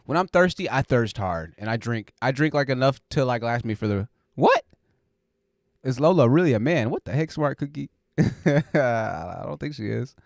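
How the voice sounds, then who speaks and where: Guy on a live stream hangout, jokey and rambly, mid pitch, dry close sound. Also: expressive, normal speed, vocal fry, no echo. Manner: joking, rambling, laughs often. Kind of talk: casual live chat.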